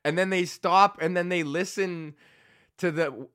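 A man's voice: high voice, steady tone, moderate pace, fairly bright tone, smooth. A young man hosting a podcast, ranting in a rambling, profane way and often laughing at himself. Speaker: podcast host. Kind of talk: casual ranting monologue.

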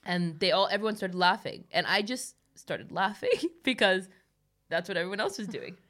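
A woman co-hosts a podcast, chatting casually and laughing often while telling stories. Her voice has a medium pitch and a slight brightness, and she speaks at normal speed.

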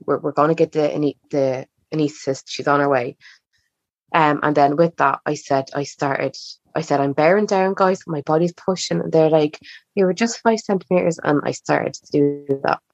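This young woman, a chatty podcast guest, shares a personal story and performs the lines she quotes. She speaks in a low voice at a moderate pace, and the dry recording comes across a little dull and muffled.

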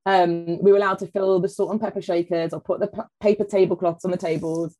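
A woman talks in a relaxed, chatty way as a guest on a podcast. Her voice sits on the low side, and she tells her stories with lively, animated quoting. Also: fast, low-quality recording. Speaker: podcast guest, food writer. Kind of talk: casual chat.

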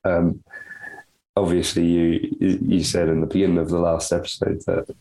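A man co-hosting a podcast in casual chat, croaky and stuffy-nosed from a cold, relaxed and chatty. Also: low voice, normal speed, poor audio. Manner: relaxed and chatty, laughs often, many fillers. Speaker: podcast co-host.

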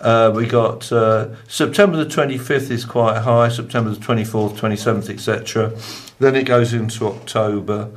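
A man's voice: lowish voice, fairly even intonation, moderate pace. A man hosting a casual talk show, reading out figures with plenty of fillers. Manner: chatty, reads out figures with fillers. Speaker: host. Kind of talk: casual radio chat.

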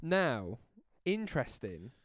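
Animated man in football banter. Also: mid-range voice, slow pace, no echo, studio quality. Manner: animated, swearing, lively banter. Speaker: podcast co-host. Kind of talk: casual football chat.

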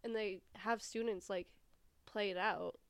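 A woman's voice: mid-range voice, steady tone, unhurried, dry recording. A young woman guest on a podcast, chatting casually, filling her stories with "like" and laughing easily. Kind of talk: casual chat.

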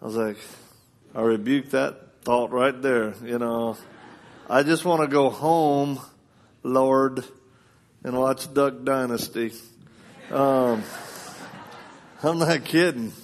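Male preacher, conversational sermon, animated and colloquial delivery, mid-pitched voice. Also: slow pace, pauses often. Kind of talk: storytelling sermon.

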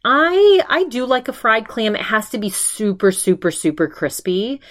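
A podcast host from Maine recaps an episode in casual, rambling chat, her fairly high voice sing-song and a bit bright at normal speed. She's chatty and full of fillers, with lots of "he's like" retellings.

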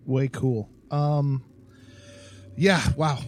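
A male podcast co-host talks in a hesitant, casual way, dropping frequent "um"s and "uh"s. His medium-pitched voice is steady in tone and very slow, with a little hiss or hum on the recording.

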